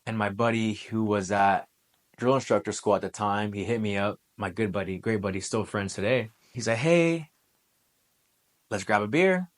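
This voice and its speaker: A man in his twenties, a former Marine, telling a personal story in a relaxed, conversational way, full of military slang. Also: fairly low pitch, normal speed. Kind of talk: casual storytelling monologue.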